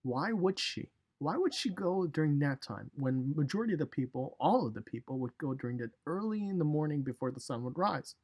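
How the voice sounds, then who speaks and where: A man leading a youth devotional, telling a story in a lively way and speaking straight to his listeners. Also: on the high side, brisk, few pauses. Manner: animated storytelling, direct address to listeners. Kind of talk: casual recorded devotional talk.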